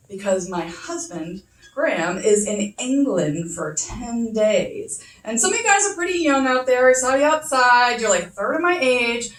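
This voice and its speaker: High-voiced woman doing chatty stand-up. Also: distant mic. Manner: chatty, self-deprecating, swears casually. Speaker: first-time stand-up comic. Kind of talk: stand-up comedy set. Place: comedy club stage. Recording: echoey room, voice off-mic.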